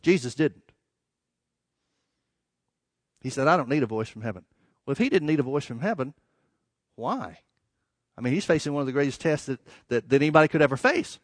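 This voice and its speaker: A man's voice: medium pitch, lively intonation, no room sound, clean studio sound. A man preaching a sermon, reading verses and explaining them with emphatic rises and dramatic drops. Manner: emphatic, rising and falling, with dramatic pauses.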